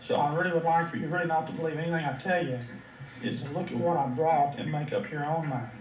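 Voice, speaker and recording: A man with a Texas accent giving a seminar lecture, measured and plain, with frequent filler words. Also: a little high, steady tone. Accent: Texan. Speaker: seminar speaker. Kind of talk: lecture to an audience. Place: lecture hall. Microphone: room microphone at a distance. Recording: dull, roomy old video recording from far off.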